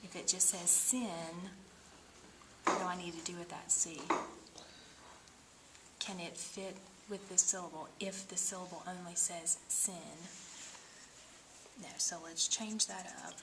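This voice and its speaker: A woman teaching phonics one-on-one, patiently sounding out syllables and often dropping to a soft whisper. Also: fairly low pitch, fairly even intonation, a little slow, long pauses, noisy background. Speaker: reading teacher.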